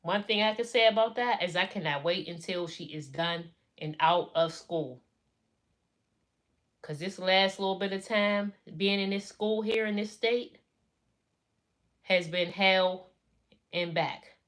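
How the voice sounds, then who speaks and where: A woman's voice: mid-range voice, measured pace, pauses often, fairly bright tone. A middle-aged woman chatting on a live stream, venting as she retells family drama in a casual way.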